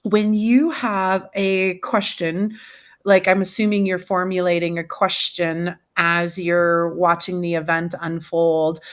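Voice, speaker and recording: Animated gushing woman on a video call. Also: on the low side, slow. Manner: animated, gushing, swears casually. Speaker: podcast host. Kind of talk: casual chat.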